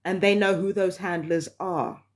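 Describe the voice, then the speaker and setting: A woman's voice: lowish voice, steady tone, a little slow. A woman, ranting heatedly and with lots of swearing in a casual vlog monologue. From London, England. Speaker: vlogger.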